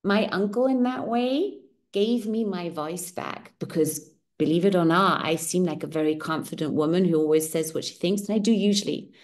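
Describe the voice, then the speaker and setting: A woman's voice: on the low side, moderate pace. Candid middle-aged woman, German native. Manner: candid, expressive, often adds "right?". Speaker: women's circle host. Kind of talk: personal storytelling talk.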